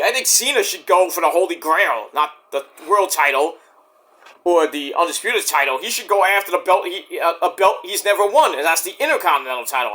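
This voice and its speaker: A man's voice: sits high, pushed and bright. A man ranting casually about wrestling with lots of restarts and swearing. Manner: rambling, profane, many restarts. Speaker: vlogger.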